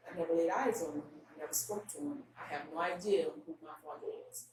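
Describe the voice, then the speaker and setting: A woman guest speaking candidly and emotionally in an interview, halting and restarting often. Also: lowish voice, very animated, creaky, a crowd in the background. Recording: roomy echo, distant mic, faint room noise.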